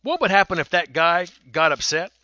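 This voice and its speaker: Guy preaching a sermon, high bright voice, emphatic, kinda dull dry sound. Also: expressive, moderate pace, dry recording. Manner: emphatic, repeats words, speaks in quoted voices.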